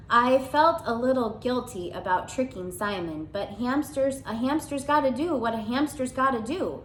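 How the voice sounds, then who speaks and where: A woman reading a children's chapter book aloud, narrating gently in the first person. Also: on the high side, normal speed, hardly any pauses, reverberant, slight background noise, rough recording. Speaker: audiobook reader.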